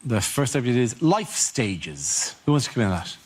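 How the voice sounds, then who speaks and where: A man hosting a comedy panel show, briskly announcing the rounds. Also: mid-range voice, sing-song, darkish tone, a little hiss or hum. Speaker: host.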